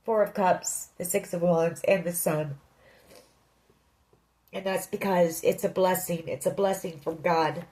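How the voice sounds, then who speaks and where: A woman's voice: fairly low pitch, fairly even intonation, a little slow, warm tone, rough recording. A woman giving a tarot reading, speaking earnestly and directly to the listener. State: emotional. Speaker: tarot reader.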